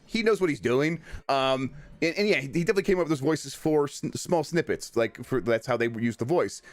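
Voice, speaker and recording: A man chatting casually as a podcast co-host, his voice at a middling pitch. He talks in a wry, rambling way and often sinks into low mutters. The sound is dry and close, with no room in it. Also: animated, a little fast, dry recording. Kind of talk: casual chat.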